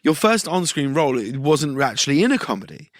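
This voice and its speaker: A man's voice: a little high, very animated, brisk, no room sound, clean studio sound. A man hosting an interview, asking attentive follow-up questions. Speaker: interviewer, host.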